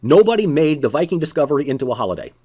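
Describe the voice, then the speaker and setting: Guy lecturing poli sci, chatty and sarcastic, kinda high voice, really animated. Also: racing, breathy edge. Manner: animated, conversational, sarcastic asides. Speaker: political science lecturer. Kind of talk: casual recorded lecture.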